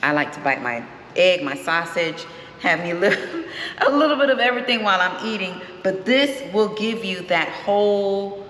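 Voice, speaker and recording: A deep-voiced woman hosts a cooking channel, talking to viewers in a relaxed, chatty manner while she savors the food. There is a little hiss or hum, and the room is echoey with a long reverb.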